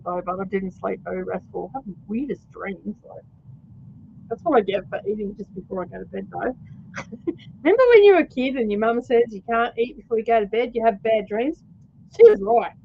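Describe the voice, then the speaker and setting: A woman's voice: mid-range voice, creaky, husky, highs cut off. A woman with an Australian accent hosting a casual livestream, rambling through stories with lots of fillers and laughter. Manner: chatty storyteller, laughs often, many fillers. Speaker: host.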